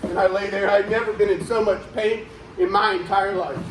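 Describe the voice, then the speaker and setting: A man's voice: high voice, brisk. A man telling a mock-sincere comic story in a live venue, slipping in fake ad reads. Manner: deadpan mock-sincere storytelling, breaking into laughs. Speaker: comedic performer. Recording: echoey room with music and crowd. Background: music and crowd noise.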